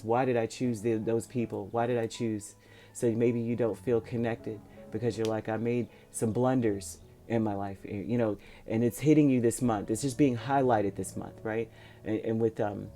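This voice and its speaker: A man's voice: medium pitch, dark tone. A man giving a rambling, reassuring tarot reading to his viewers, with many ums and restarts. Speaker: tarot reader. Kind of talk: casual spoken tarot reading.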